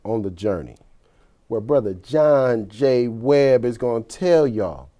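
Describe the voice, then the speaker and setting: A man's voice: medium pitch, expressive, takes it slowly, warm tone. A man hosting an interview show, prompting his guest with short friendly interjections. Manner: friendly interjections, frequent "right". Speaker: talk show host.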